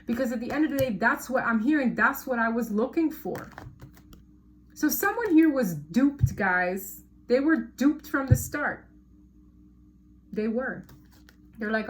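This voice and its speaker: Woman, tarot reader, casual and emphatic, repeats words for stress, mid-pitched, faint background hiss. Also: moderate pace. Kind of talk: casual tarot reading to viewers.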